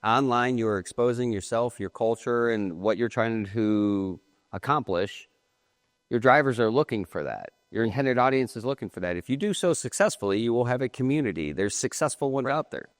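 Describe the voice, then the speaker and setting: A man's voice: mid-range voice, animated, moderate pace, dry recording, studio quality. A man co-hosting a podcast in casual chat, giving advice firmly in short, punchy lines. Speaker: podcast co-host.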